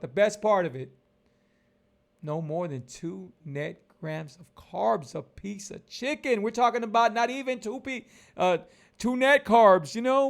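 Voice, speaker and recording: Emphatic gravelly man in his forties. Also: high voice. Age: 40s. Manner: emphatic, repetitive, preachy. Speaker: keto lifestyle vlogger. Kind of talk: casual motivational vlog talk.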